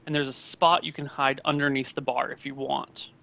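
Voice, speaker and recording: A man narrating as game master in a tabletop game, casual and halting with many fillers. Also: medium pitch, level tone, vocal fry, sharp tone.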